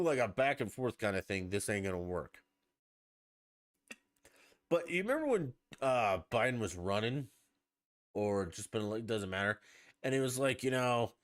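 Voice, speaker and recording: A man hosting a casual solo podcast, talking in an animated, sarcastic and profane way. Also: mid-range voice, moderate pace, long pauses. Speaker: podcast host.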